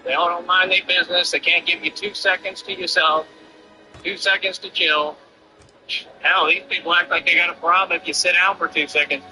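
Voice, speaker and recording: A man's voice: high voice, fairly even intonation, fairly quick, music in the background, rough recording. A man streamer ranting defiantly and boastfully over his gameplay. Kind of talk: livestream rant over gameplay.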